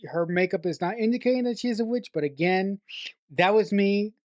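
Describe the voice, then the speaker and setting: A podcast co-host talks through a film in casual conversation, thoughtful and prone to restarting sentences. The voice sits at a middle pitch, recorded dry and close. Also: moderate pace, a little mellow, no room sound. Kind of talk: casual movie-review chat.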